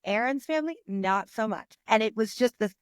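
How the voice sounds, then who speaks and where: A woman's voice: on the high side, expressive, normal speed, clean tone, no echo, studio quality. A woman hosting a podcast, speaking casually and emotionally as she tells a personal story, with frequent "like" fillers. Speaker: podcast host. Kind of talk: casual conversation.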